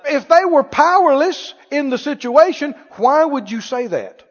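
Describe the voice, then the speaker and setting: A man's voice: extremely high pitch, expressive, measured pace. Male preacher, playful and emphatic, in an echoey hall with a dull recording. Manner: rhetorical questions, playful and emphatic. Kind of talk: sermon.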